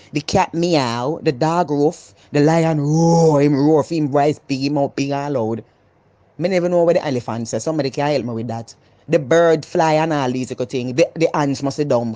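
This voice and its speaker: Loud, animated Jamaican woman vlogger. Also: very deep voice, no echo. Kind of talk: casual opinionated monologue.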